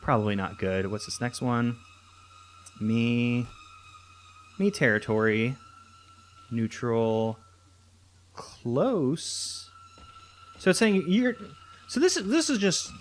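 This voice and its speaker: Slow, rambling young man playing a game. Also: mid-range voice, animated, a little hiss or hum. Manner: rambling, thinking aloud, frequent restarts and fillers. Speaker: let's play host. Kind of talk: casual gameplay commentary.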